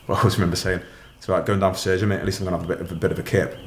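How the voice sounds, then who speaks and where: A man's voice: deep voice, flat delivery, rapid-fire, roomy sound, very noisy. A middle-aged man, a podcast guest candidly telling his story in a matter-of-fact, casual way.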